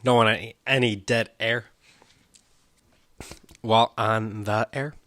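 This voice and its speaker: A man's voice: fairly low pitch, steady tone, moderate pace, fairly bright tone, dry recording. A young man from Chicago hosting his own podcast, talking in a rambling, self-deprecating, loose and chatty way. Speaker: podcast host. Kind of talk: casual solo podcast chat.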